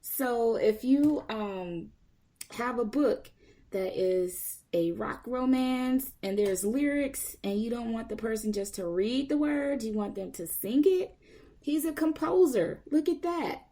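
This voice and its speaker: A woman's voice: on the high side, animated, slow, dark tone. A woman hosting a podcast interview, upbeat and enthusiastic, laughing often. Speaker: podcast host. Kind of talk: casual interview chat.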